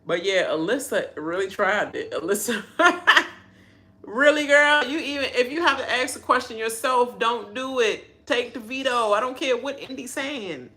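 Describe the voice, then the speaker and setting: A woman's voice: fairly high pitch, normal speed. A woman hosting a live reaction video, ranting and laughing about a reality show as it plays. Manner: animated, laughs often, mimics people.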